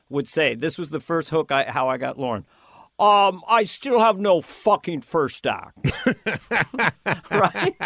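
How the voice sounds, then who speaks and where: A man, a guest comedian in a casual interview, telling lively anecdotes and slipping into quick character voices. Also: a little high, vocal fry, no room sound, studio quality.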